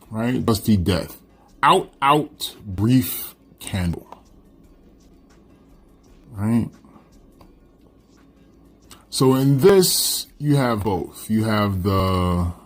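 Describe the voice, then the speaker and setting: A man teaching a literature class in a relaxed, conversational way. His voice is low and a little husky, and his pitch rises and falls widely. He speaks slowly and keeps checking in with the room with a quick "right?".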